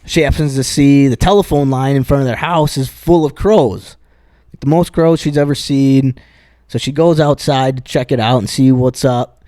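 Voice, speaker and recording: A man's voice: medium pitch, normal speed, warm tone, no room sound, clean studio sound. A man co-hosting a podcast, retelling a stand-up bit in a casual, rambling way full of swearing and restarts. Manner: rambling, profane, many restarts and fillers. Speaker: podcast co-host.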